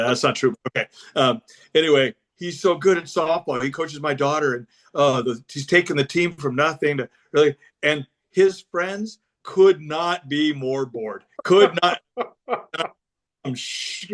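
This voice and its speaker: A man's voice: on the high side, a little slow, a bit bright. Wry older man telling a story. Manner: wry, self-deprecating. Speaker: guest. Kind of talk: casual storytelling chat. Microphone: remote call.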